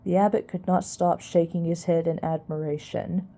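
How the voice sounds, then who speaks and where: Woman reader, very mellow and warm, lowish voice, storybook reading. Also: fairly even intonation, gravelly. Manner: unhurried, with small restarts.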